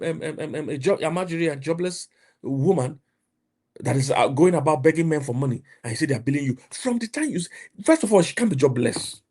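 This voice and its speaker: A middle-aged Nigerian man with a Nigerian accent, preaching and mentoring emphatically, repeating himself and rising to loud outbursts. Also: high-pitched, husky. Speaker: pastor and mentor. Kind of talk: motivational preaching.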